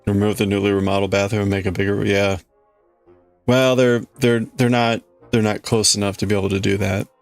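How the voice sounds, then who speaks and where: A man's voice: on the low side, level tone, brisk, vocal fry, soft background music. A man hosting a livestream, chatting casually and rambling with his viewers, often restarting his sentences. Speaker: livestream host. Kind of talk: casual chat with live chat.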